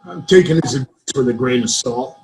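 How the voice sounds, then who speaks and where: A man's voice: medium pitch, brisk, a little mellow, a little hiss or hum, rough recording. A man doing a stand-up set of one-liners over a video call, with dry setup-and-punchline delivery. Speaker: stand-up comedian.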